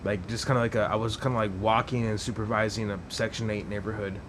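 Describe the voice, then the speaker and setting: A man's voice: on the low side, flat delivery, fast, noisy background. A man who is a guest on a casual podcast, joking, swearing and laughing as he talks.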